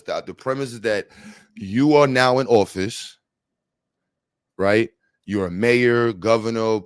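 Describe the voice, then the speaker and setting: A young man hosting a livestream panel, talking in slang, animated and joking, reading the chat aloud. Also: fairly low pitch, smooth, no room sound. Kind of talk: casual livestream talk. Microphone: streaming mic.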